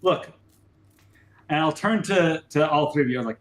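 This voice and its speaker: A man's voice: a little high, normal speed, fairly bright tone, reverberant. A man playing a tabletop role-playing game in character, stammering and flustered, with lots of restarts. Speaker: player.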